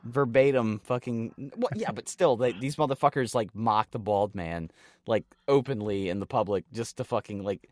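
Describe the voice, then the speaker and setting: A man's voice: fairly low pitch, normal speed, dry recording, studio quality. A man co-hosting a casual podcast chat, telling stories with lots of swearing and acted-out quotes. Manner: animated storyteller, swears often, acts out quotes. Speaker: podcast co-host.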